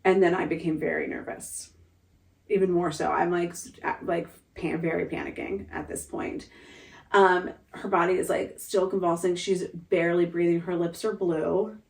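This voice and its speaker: A woman's voice: lowish voice, level tone, moderate pace, gravelly, distant mic. A young woman telling an emotional family story in a vlog, talking casually with many fillers and restarts.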